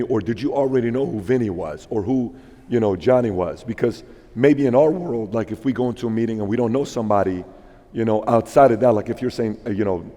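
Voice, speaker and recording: Low, mellow-voiced male interviewer. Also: big-room sound. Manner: halting, restarts his questions. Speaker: interview host. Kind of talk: interview questions.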